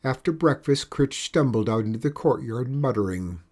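Male storyteller, expressive and animated, breathy tone. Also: mid-range voice. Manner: expressive, slow storybook reading. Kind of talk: reading a children's story aloud.

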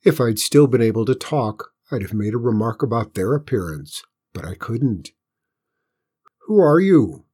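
A man narrating a children's story in a lively, expressive reading voice. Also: lowish voice, moderate pace, hardly any pauses, slightly rough.

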